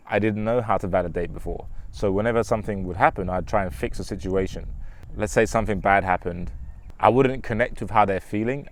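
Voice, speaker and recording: A man with a fairly low voice talks through advice in a loose, explanatory monologue. He asks himself questions and restarts his phrases as he goes. The sound is dry and close, with no room echo. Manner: conversational and explanatory, with frequent restarts and rhetorical questions. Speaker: self-improvement vlogger. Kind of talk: casual advice monologue to camera.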